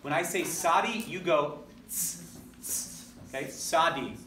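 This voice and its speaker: Pitched on the high side, his voice sounds pushed and bright at a normal speed as he drives a classroom's call-and-response drills with energy, catching and correcting his own mistakes. A distant mic picks up the echoey room along with a little hiss or hum.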